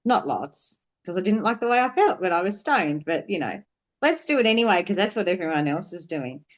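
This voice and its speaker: A woman speaks as a podcast guest, telling a personal story openly. She is blunt and swears freely, rambling with plenty of fillers in a somewhat low voice. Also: big pitch swings, a little fast. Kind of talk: candid storytelling conversation.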